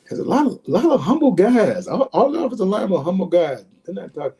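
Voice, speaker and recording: Man, 60s, former player, animated storyteller, stumbling repeats, high voice, mellow. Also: fast talker. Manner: lively, repeats words, acts out quotes. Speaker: former football player, guest.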